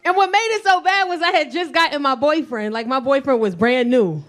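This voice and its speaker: A middle-aged woman doing a loud, brash, profane stand-up set on a comedy club stage, acting out characters in quick voices, with the audience laughing behind her. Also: high-pitched. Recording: live club recording with faint crowd.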